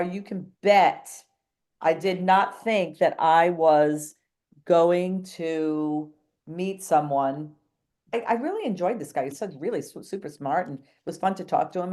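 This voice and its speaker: A real estate agent from New England, appearing as a podcast guest, tells a long story in a chatty, animated way. Her warm voice sits on the low side, and she jumps between thoughts while acting out the people she quotes.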